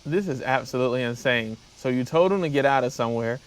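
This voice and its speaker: A man's voice: medium pitch, fast talker. A man hosting a reaction show, summing up events plainly and reacting with disbelief in casual commentary.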